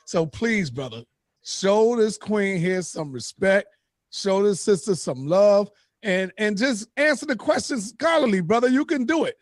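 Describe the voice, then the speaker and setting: A male moderator calming a debater in a preachy, brotherly manner. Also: high-pitched, a little slow, no echo.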